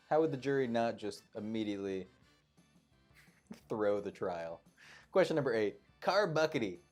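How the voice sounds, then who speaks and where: A man's voice: mid-range voice, a little mellow. A man hosting a live online trivia show, reading questions and making playful, jokey asides between them. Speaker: quiz show host.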